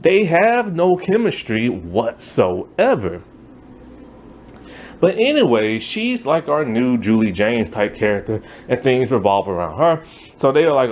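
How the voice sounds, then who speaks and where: A man's voice: lowish voice, sing-song, a little slow. A man giving a casual, rambling movie review rant, loose and exasperated, with lots of filler words.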